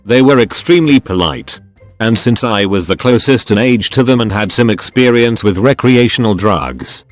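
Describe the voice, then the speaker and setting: A man reading online stories aloud in an animated storytelling delivery. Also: lowish voice. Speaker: narrator reading forum stories.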